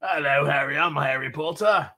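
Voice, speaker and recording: A man putting on a clumsy English accent, playing a rough-voiced, chain-smoking wizard. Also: a little high, normal speed, bright, forceful tone. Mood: hammy. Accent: put-on English. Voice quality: rough, smoker-like.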